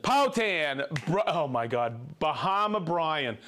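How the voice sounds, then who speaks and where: A man hosting a livestream, reading out viewer shout-outs in a playful, jokey way and laughing easily. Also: on the high side, big pitch swings, takes it slowly. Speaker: host.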